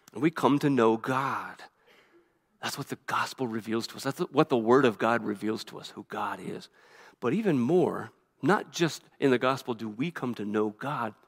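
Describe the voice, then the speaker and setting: A man preaches a sermon in a rushed, earnest flow, stumbling over and restarting his phrases. His voice sits at an ordinary middle pitch. A long reverb trails every line, as in a church sanctuary. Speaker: pastor. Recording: reverberant hall.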